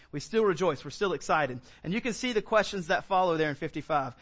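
High-voiced man preaching conversationally. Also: animated, fast talker, a bit bright. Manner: conversational preaching with fillers and repeated words. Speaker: pastor. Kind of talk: sermon.

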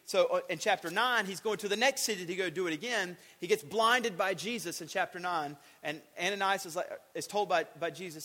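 A man preaching a sermon, animated, acting out quoted voices and shouting for emphasis. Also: sits high, a little fast, hardly any pauses. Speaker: pastor. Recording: long hall reverb.

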